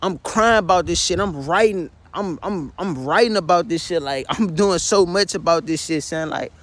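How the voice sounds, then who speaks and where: A young man's voice, a little high and fairly bright, comes at a moderate pace as he vents in tears from his bedroom. The vlogger's monologue is confessional, profane and repetitive, and in his distress he constantly calls the listener "son."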